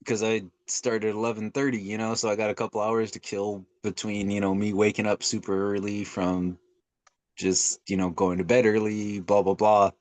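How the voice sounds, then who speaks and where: A young man talks in a loose, rambling way, circling back and restarting his sentences as he chats. His voice sits a little low and the sound is dry and close, with no room around it. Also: little pitch movement, moderate pace, darkish tone, dry recording. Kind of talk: casual chat.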